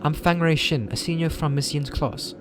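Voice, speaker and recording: Gentle teenage schoolgirl, polite, reassuring, soft-spoken, voiced by a man, game dialogue. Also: fairly high pitch, moderate pace, noisy background, voice pushed up, natural voice. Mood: kind. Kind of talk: reading game dialogue aloud.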